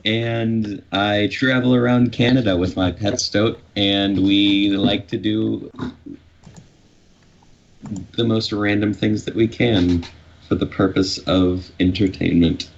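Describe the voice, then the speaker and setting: A man playing in a tabletop game, introducing his character in a calm, matter-of-fact way. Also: fairly low pitch, slow pace, gravelly. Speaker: player. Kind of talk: casual chat. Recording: muffled, dull line.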